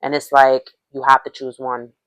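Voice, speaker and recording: A woman's voice: very deep voice, monotone, normal speed, fairly bright tone, no room sound. Woman, Spanish accent, tarot reader, casual, rambling, repeats herself, dry close sound. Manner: rambling, repeats and restarts phrases, frequent "okay?". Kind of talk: casual tarot reading to viewers.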